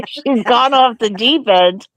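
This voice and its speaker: A woman's voice: a little high, slow, dry recording. A woman co-hosting a casual political chat, teasing and retelling stories with laughter. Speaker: co-host of a live talk show.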